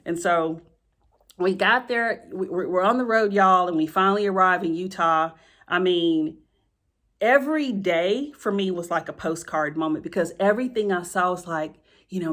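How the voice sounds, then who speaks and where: A woman with a somewhat low voice tells a personal story straight to her listeners. She is chatty and earnest, keeps calling out to them, and repeats phrases for emphasis. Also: a little slow, fairly bright tone. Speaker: sixth grade teacher.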